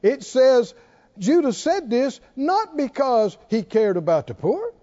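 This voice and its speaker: Very high-voiced man preaching, lively. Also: slow pace, dull audio. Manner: emphatic, with repeated rhetorical questions. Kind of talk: sermon.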